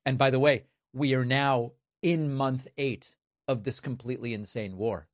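A man's voice: medium pitch, fairly even intonation, moderate pace, no echo. Sarcastic male political commentator, dry sound. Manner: incredulous, sarcastic, emphatic. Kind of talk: casual spoken commentary.

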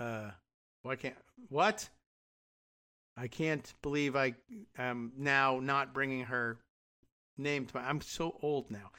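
A man's voice: mid-range voice, pushed and bright, smooth. A man hosting a radio show, giving a sardonic political commentary monologue full of rambling asides.

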